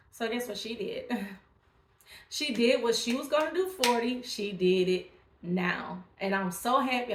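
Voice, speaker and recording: Vlogger, woman, chatty and encouraging, slightly high voice, echoey room. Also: fairly bright tone. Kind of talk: casual direct-to-camera talk.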